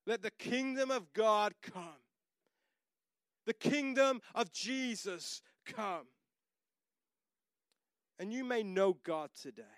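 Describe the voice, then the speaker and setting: A male pastor with a notably high voice delivers a sermon that moves from personal storytelling to emphatic declarations. The sound is close and dry, with no room around it. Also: lively intonation, takes it slowly, long pauses, a bit bright, dry recording.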